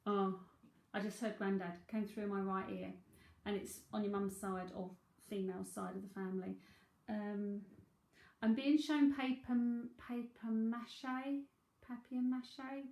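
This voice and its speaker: In a measured, slightly mellow voice of medium pitch with little pitch movement, a London Cockney woman gives a live psychic reading. She's talkative, laughs frequently, and works things out aloud as the room echoes.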